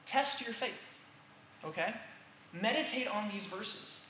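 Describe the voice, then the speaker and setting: A man's voice: sits high, animated, takes it slowly, pushed and bright. A man preaching a sermon in an earnest way, often checking in with "all right?" and restarting his sentences. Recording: roomy echo with faint background hiss.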